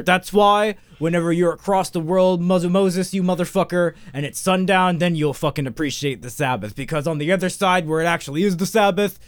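A man voicing God as a raving, profane deity, loud and raised in pitch. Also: dry recording, natural voice. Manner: shouting, loud and high.

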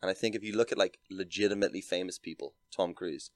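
Fast-talking deep-voiced Northern Irish man. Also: no room sound. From Northern Ireland. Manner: dry, deadpan storytelling with lots of "like". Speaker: podcast guest, content creator. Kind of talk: casual chat.

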